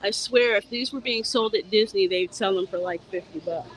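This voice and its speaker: A woman's voice: a little high, animated, a little slow, poor audio. A woman, live-streaming a casual, playful walk through a theme park gift shop and talking straight to her viewers.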